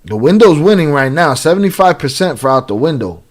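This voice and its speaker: A man's voice: a little high, sing-song, a little fast. Slangy, joking man reacting to footage. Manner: slangy, joking, laughs often. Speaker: reaction streamer. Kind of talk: casual reaction commentary.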